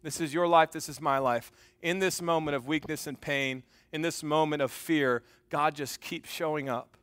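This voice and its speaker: A man preaching a sermon to a congregation, reading scripture aloud and joking with the crowd in an animated way. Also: fairly high pitch, moderate pace, clear, resonant tone, no echo. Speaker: pastor. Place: church.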